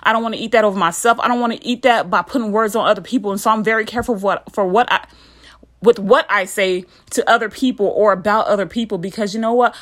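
A woman's voice: medium pitch, quick pace, fairly bright tone. A woman in her thirties hosting a podcast, giving an informal, earnest devotional talk with a repetitive, encouraging preaching rhythm.

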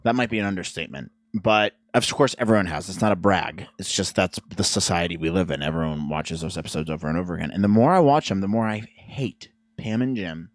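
A man with a fairly low voice co-hosts a casual podcast. He goes off on opinionated, rambling rants and teases as he talks. The recording is close and dry. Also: fast, hardly any pauses, dry recording. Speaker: podcast co-host. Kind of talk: casual chat.

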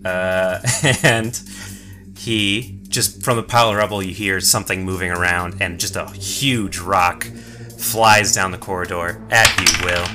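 A man narrating as game master of a tabletop game, relaxed and chuckling. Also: low voice, measured pace, faint music behind.

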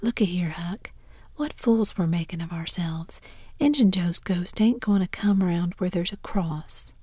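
A woman's voice: fairly low pitch, measured pace, warm tone, breathy edge, no room sound, studio quality. A woman whispering the part of a bold, adventurous boy in a whispered role-play, eager and a little bossy, with folksy speech. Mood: urgent.

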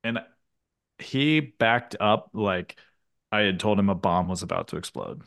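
A man's voice: lowish voice, measured pace, vocal fry, a bit bright. A man hosting a podcast in casual chat, telling stories with acted-out quotes and casual swearing. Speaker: podcast host.

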